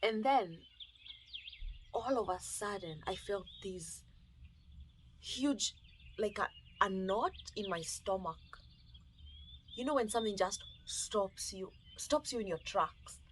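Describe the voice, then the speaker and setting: A woman with a Kenyan accent, telling an animated, emotional personal testimony and acting out the dialogue. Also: medium pitch, slow pace, pauses often, a little hiss or hum. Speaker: storyteller.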